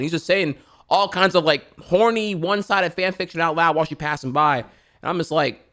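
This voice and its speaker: This streamer, a man in his thirties with a Louisiana accent, reacts to videos in casual, rambling chat. His voice is fairly high and fairly bright, and he talks fairly quickly, swearing a lot and restarting his sentences often.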